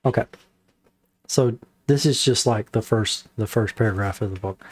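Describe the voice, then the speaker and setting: A man giving a casual, rambling book review, halting often with fillers and restarts. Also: fairly low pitch.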